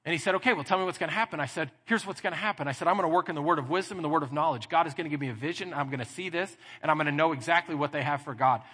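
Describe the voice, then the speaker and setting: A man with a Texan accent preaching a sermon as pastor, telling a story with lively acted-out dialogue. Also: a little high, racing, few pauses, slightly rough, long reverb tail. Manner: animated storytelling, acting out dialogue. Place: church sanctuary.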